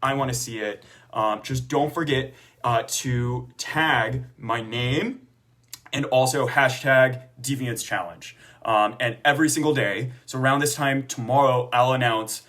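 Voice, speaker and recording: A young man in a chatty vlog, speaking at a middle pitch for a man. He talks in a loose, conversational way, full of fillers and asides. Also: a little slow, fairly bright tone. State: tearful near the end. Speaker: author promoting his book. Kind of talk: casual personal storytelling to camera.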